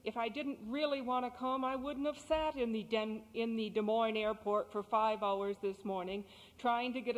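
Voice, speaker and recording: Articulate woman giving a speech. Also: mid-range voice. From Texas. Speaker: guest speaker. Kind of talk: prepared public speech. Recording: cassette recording in a reverberant hall.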